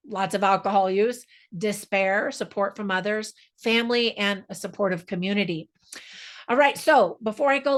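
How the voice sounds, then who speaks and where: A woman in her fifties gives a relaxed, chatty movie review. She talks like a grandmother sharing her views, teasing herself along the way, and her voice sits in a middle pitch. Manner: chatty, self-joking, with light laughs. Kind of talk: casual movie review to camera.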